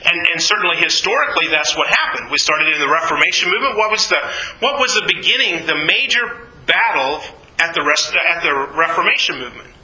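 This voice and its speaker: A man's voice: fairly high pitch, lively intonation, fairly quick, pushed and bright, roomy sound, rough recording. A man teaching an informal Bible study to a class, asking questions and then answering them himself.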